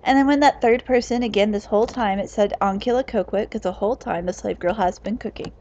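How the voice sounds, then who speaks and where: A woman teaching as a Latin teacher, talking slowly and stressing each word ending. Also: mid-range voice, darkish tone, slight background noise. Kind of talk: classroom explanation. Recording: dull lo-fi recording.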